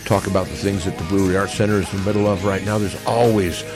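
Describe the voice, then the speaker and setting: A man's voice: low voice, steady tone, fast, over music. Folksy older male radio host. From Nevada, United States. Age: 60s. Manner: upbeat, folksy announcer patter. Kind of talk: live radio pre-show chat. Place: outdoors at a parking lot concert stage.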